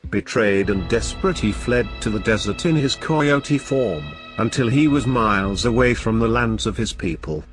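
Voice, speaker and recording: A man narrating scripted horror stories in a dramatic, measured way. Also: on the low side, expressive, faint music behind.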